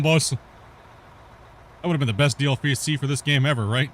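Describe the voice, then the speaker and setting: Fairly quick at a medium pitch, this man's voice comes with slight background noise. While streaming a game he chats and rambles casually, laughs and swears often, and always tags on "you know" and "right?".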